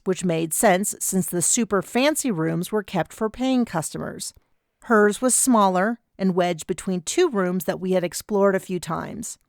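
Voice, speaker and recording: A woman narrating a first-person audiobook in a measured, wry way. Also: on the low side, creaky, no echo, studio quality.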